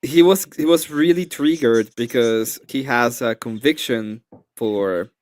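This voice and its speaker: A man's voice: mid-range voice, a little slow, darkish tone. A man chatting casually on a stream, speaking hesitantly and often trailing off. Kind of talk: casual chat.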